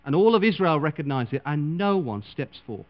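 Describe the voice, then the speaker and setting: Dramatic, animated preacher man. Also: fairly quick. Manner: dramatic, voices quoted figures with big swings in pitch and loudness. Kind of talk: sermon. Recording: dull lo-fi recording with mains hum.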